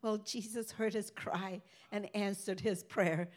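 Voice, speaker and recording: An older woman giving a rambling, halting personal faith testimony as a ministry speaker. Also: mid-range voice, steady tone.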